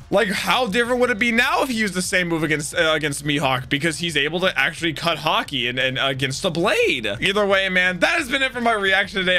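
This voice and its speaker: A young man hosting an anime reaction, talking emotionally and often shouting in excitement. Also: on the high side.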